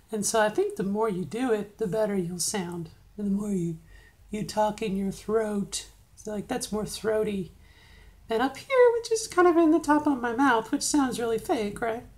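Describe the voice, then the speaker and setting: A middle-aged woman recording a casual video diary in a practised, higher register. She speaks haltingly, with frequent pauses and fillers, at an ordinary mid pitch. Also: warm tone, low-quality recording. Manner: hesitant, halting, full of fillers. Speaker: video diarist.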